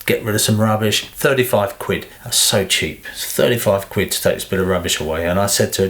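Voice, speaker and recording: A man's voice: lowish voice, brisk, few pauses, fairly bright tone. A British man co-hosting a podcast, chatting casually and animatedly, putting on voices when he quotes people. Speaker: podcast co-host. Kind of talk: casual chat.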